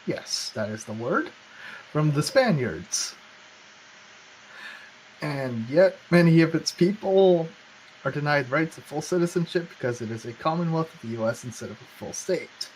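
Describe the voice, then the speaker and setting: A man's voice: on the high side, animated, normal speed, a little hiss or hum, low-quality recording. A man co-hosting a casual political chat, rambling with sarcastic asides. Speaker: podcast co-host.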